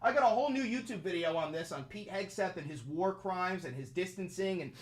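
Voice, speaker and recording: A man's voice: high voice, expressive, brisk. A man livestreaming, ranting in a profane, mocking and taunting way. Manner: taunting, provocative.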